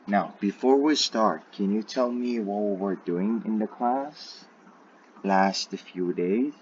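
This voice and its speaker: A man's voice: lowish voice, slow, darkish tone, muffled recording, slight background noise. A man teaching an English grammar lesson to his students in a self-recorded video, repeating each point and checking in with "right?".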